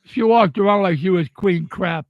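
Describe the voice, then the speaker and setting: A man's voice: high voice, normal speed, no echo, dull audio. An older man telling a personal story in a casual, angry and blunt way, swearing freely. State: upset. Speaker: vlogger telling personal stories.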